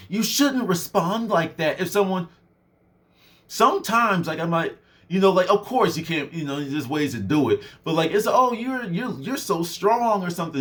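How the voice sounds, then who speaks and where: A young motivational speaker, his voice on the high side, gives a casual, animated talk packed with fillers. He keeps it conversational and swings his voice up and down for effect.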